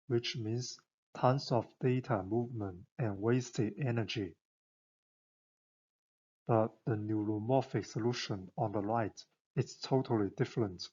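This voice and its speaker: Slow, husky male explainer narrator. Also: medium pitch, a little mellow, muffled recording. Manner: enthusiastic, conversational, rhetorical questions.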